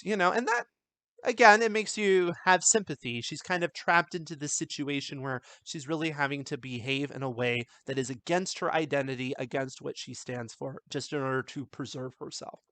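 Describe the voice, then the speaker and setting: A man's voice: mid-range voice, normal speed, fairly bright tone. A man teaching writing, walking through a film script in a casual, conversational way with many fillers and restarts. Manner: reads film quotes aloud. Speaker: writing instructor. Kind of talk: script analysis lesson.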